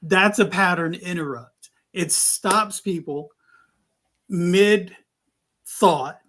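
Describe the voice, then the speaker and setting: A man co-hosting a live studio chat, telling a customer-service story in a casual, animated way and acting out a caller's voice. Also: on the high side. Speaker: co-host.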